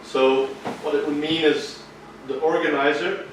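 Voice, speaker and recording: A man's voice: fairly high pitch, fairly even intonation, a little slow. A man leading a workshop, putting questions to the audience. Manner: asks the room questions. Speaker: workshop presenter. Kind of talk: workshop talk. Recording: echoey room from far off, faint noise.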